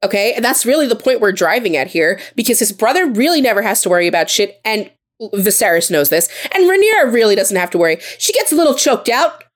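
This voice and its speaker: A woman with a slightly high voice co-hosting a loose, profane podcast chat about a TV show. She swears freely and jumps into quick voices for the characters as she goes. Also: big pitch swings. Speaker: podcast co-host. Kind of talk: casual chat recapping a TV show.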